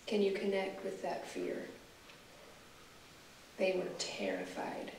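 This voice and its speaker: A woman guest speaker leading a guided scripture meditation, asking the listener slow, reflective questions. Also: medium pitch, very animated, vocal fry, a little mellow. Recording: echoey room from far off, faint hiss.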